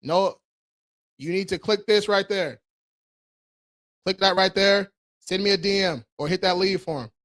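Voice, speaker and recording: High-voiced, slangy live-stream credit host. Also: male voice, fairly bright tone. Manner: slangy, loose and profane, laughs often; hypes viewers up with quick rallying calls.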